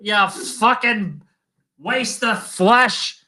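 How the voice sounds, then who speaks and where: A furious Italian mother screams insults at her grown son, as a man puts her on. The voice is very high, bright and shrill. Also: very slow, exaggerated voice. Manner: shouting, mock Italian accent.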